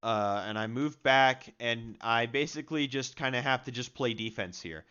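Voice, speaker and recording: A man's voice: mid-range voice, normal speed, sharp tone, clean tone. Chatty young man commentating a strategy game. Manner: chatty, frequent fillers, self-deprecating. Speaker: gaming video creator. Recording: slightly dull lo-fi audio.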